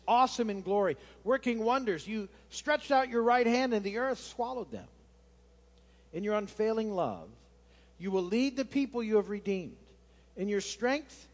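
Guy with a high voice reading scripture then chatting about it, lots of ums and you-knows. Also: a little mellow. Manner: earnest reading, then loose and conversational with many fillers. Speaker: Bible teacher.

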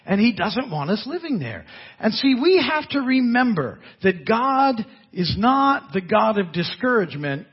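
A man preaching a sermon as a pastor, in an animated, conversational way with asides and laughter. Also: sits high, measured pace, slightly rough, lo-fi sound.

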